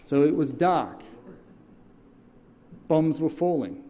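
Taking his time, a deacon with a slightly high voice tells a story in his sermon, lively and engaging the congregation in call-and-response.

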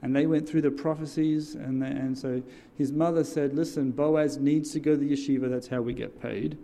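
A man's voice: medium pitch, normal speed. A man who serves as a church deacon, telling a story in a sermon and drawing answers from his listeners. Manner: animated, call-and-response with audience.

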